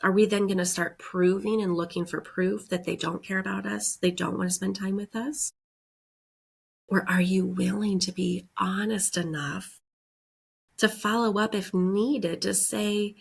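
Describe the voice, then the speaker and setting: Congested, husky woman podcast host. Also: medium pitch, normal speed. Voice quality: breathes audibly with heavy sighs. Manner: earnest, encouraging, often adds "right?" and "like". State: congested from a head cold. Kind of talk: reflective self-help monologue.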